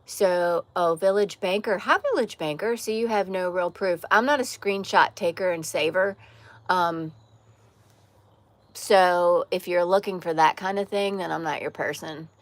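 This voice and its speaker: A woman with a slight Southern accent hosts a casual livestream from an outdoor porch, answering viewers' comments candidly and frankly. Her voice sits on the low side and moves a little slowly, and there's no room sound. She often restarts her sentences and lets phrases trail off.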